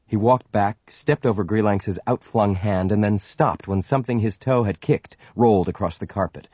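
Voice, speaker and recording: A man narrating an audiobook with measured, dramatic storytelling. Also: fairly low pitch, dark tone, breathy edge, no echo, lo-fi sound. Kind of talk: scripted narration.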